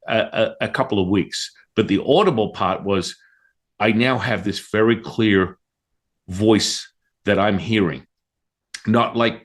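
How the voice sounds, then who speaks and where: A man who is a Taoist priest, telling a story as an interview guest in an animated way, often repeating words and restarting. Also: lowish voice.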